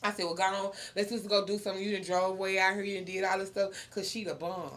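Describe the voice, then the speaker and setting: A woman hosts a podcast and tells a long story in loose, casual chat. Her voice is bright and forceful, and she laughs often and turns loud when she gets excited. A faint noise sits under the recording. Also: mid-range voice, quick pace. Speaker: podcast host.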